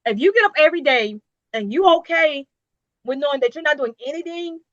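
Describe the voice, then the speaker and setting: Bright, emphatic woman guest. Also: high voice, animated, fairly quick, no room sound, lo-fi sound. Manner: emphatic, repetitive, preachy motivational. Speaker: business owner, interview guest. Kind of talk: casual interview talk.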